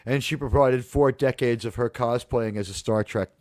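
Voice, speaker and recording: A man hosting a casual livestream review chat, animated and profane, acting out the lines he quotes. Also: medium pitch, moderate pace, no echo, clean studio sound. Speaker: host.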